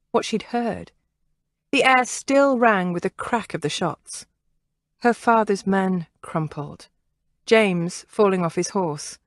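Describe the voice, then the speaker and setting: A woman narrating a historical novel in a measured, expressive reading. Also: mid-range voice, no room sound. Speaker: audiobook narrator. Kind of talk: scripted narration.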